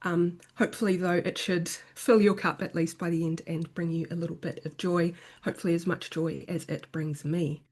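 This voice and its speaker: A woman giving a remote academic talk in a lively way, with frequent fillers. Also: on the low side, moderate pace, few pauses. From New Zealand. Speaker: guest lecturer. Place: home.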